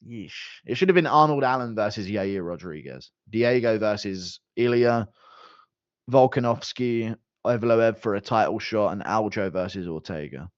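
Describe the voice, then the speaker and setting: Lively young man streaming. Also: mid-range voice, a little slow, no room sound, lo-fi sound. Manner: animated and joking, with mild swearing. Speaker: streamer reading chat. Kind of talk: casual live-stream chat.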